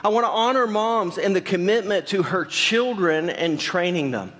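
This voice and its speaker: A man's voice: high-pitched, normal speed, a bit bright. A male pastor preaching a sermon in a church, telling stories in a conversational way with many fillers and questions to the congregation. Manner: conversational storytelling, many fillers, asks the audience. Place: church sanctuary. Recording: long reverb of a large hall.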